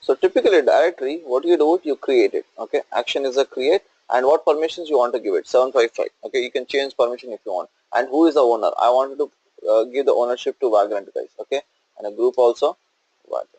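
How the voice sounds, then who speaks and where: Husky man explaining code step by step. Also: mid-range voice, fast talker, darkish tone, dull audio. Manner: explains step by step, asks "okay?" and "right?" often. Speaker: instructor. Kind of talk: screen-share coding tutorial.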